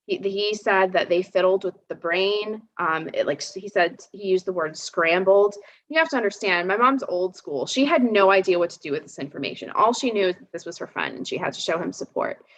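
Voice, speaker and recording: A woman's voice: medium pitch, brisk, few pauses, slight background noise. Chatty woman telling a rambling story. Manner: animated storytelling with many restarts and fillers. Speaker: psychic guest. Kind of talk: casual live chat. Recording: slightly dull lo-fi sound.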